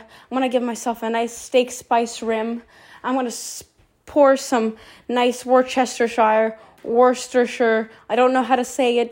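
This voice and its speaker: A woman recording a rambling, heartfelt voice memo, upset and talking straight to the listener, correcting herself as she goes. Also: on the high side. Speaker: voice memo host. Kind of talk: personal confessional monologue.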